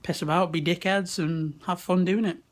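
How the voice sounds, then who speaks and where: A man's voice: high-pitched, steady tone, moderate pace. A young man from the of England, chatting casually and laughing into a handheld camera at a wrestling event, swearing often. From West Midlands, England. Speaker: vlogger. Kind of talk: casual chat. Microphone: handheld camera at arm's length.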